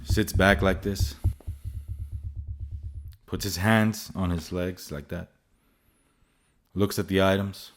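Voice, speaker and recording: Low-voiced dude telling buying and selling stories, animated and fed up. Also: male voice, slow, pauses often, soft background music. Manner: animated, exasperated storyteller with restarts. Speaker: photography channel host. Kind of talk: casual storytelling vlog.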